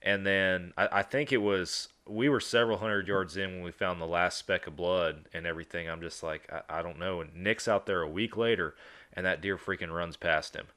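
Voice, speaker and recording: A man from West Virginia, co-hosting a podcast, telling stories in a relaxed, casual way that turns animated when he retells what people said. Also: deep voice, moderate pace. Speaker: podcast co-host. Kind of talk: casual chat.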